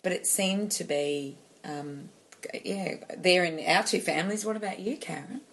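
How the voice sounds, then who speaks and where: A woman speaks in a casual chat with friends. Her voice is very low and gravelly. She talks hesitantly and supportively. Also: normal speed, fairly bright tone. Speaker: podcast co-host.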